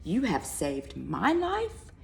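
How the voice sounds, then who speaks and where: A woman voicing a big proud male lion in a picture-book read-aloud, speaking slowly and haughtily, with a gravelly voice. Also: medium pitch, wildly swooping pitch, a little hiss or hum, pitched above the performer's own voice, exaggerated voice. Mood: grateful. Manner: slow, drawn-out, haughty.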